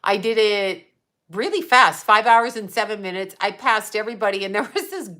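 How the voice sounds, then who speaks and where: A woman's voice: mid-range voice, moderate pace, bright, forceful tone. A woman in her fifties chatting casually on a livestream, blunt, sarcastic and profane, laughing often as she answers viewers. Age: 50s. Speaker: psychic medium and livestream host.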